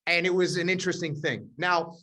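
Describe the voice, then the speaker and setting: A man's voice: sits high, steady tone, fairly quick, pushed and bright. A man hosting a live leadership coaching session, telling stories in a direct, emphatic way and repeating key words.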